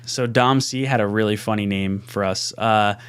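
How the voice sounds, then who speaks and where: A man's voice: lowish voice, steady tone, normal speed, slight background noise. A man hosting a podcast, chatting casually, laughing easily and reading out viewer comments. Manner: laughing, easygoing. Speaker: podcast host. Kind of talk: casual chat, reading live chat.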